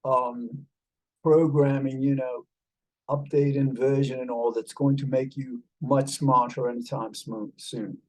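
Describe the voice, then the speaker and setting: A man's voice: mid-range voice, little pitch movement, unhurried, darkish tone, rough recording. A man speaking in a put-on British accent, chatting casually and rambling with many fillers while calling his listener mate, over a video call. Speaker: show host talking with an AI companion. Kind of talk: casual chat.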